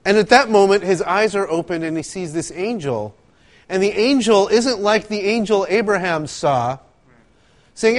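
High-pitched guy preaching, voice swoops all over, acts out little quotes. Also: a little slow. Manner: animated storytelling, acts out quotes, laughs often. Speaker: pastor. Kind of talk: sermon.

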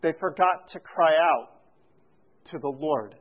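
Man preaching, high voice, slow deliberate delivery, tinny phone-like sound. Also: husky. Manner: slow, deliberate teaching with rising emphasis on refrains. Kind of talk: sermon.

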